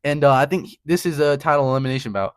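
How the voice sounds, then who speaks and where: A young man hosting his own channel goes on a heated, casual rant predicting a fight, swearing and repeating "bro." His voice is fairly high and fast, with no echo.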